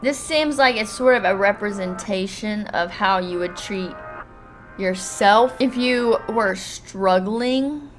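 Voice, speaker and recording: A woman giving casual, expressive commentary while playing a video game. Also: medium pitch, takes it slowly, faint music behind. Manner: expressive reactions, musing aloud.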